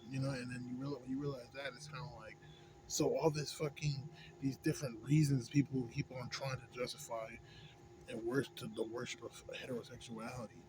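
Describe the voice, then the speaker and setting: A young American man vents in a loose, profane monologue, full of slang and "you know what I'm saying." His voice sits at an ordinary middle pitch and drops to a mumble, then rises in heated bursts. A steady hum of noise runs under the home recording. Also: fairly quick. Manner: swings between mumbling low and loud heated outbursts. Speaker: vlogger. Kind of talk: casual profane rant. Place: indoors at home, smoking a pipe.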